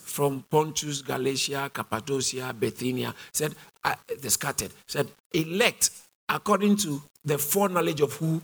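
A man's voice: a little high, normal speed, a bit bright, slight background noise. A man with a British accent teaching a sermon, driving his points home through repetition and call-and-response questions to the congregation. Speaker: Bible teacher.

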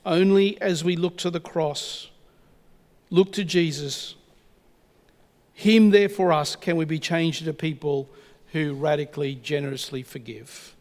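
Man preaching, earnest, measured, fairly high voice, long church-hall reverb. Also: steady tone, darkish tone. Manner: earnest, measured, slows for emphasis. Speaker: pastor. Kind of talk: sermon and communion prayer.

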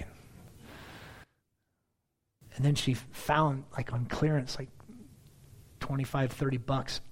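A man reading scripture aloud expressively, then speaking softly and personally as a preacher. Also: medium pitch, slow pace, long pauses. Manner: expressive reading, then soft confessional talk.

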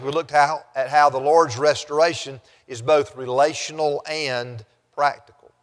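Guy preaching a sermon, reads the bible passage then repeats the big points, mid-pitched voice, echo trailing in a church hall. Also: fairly bright tone. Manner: reads scripture aloud then preaches plainly, stressing key phrases. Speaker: pastor.

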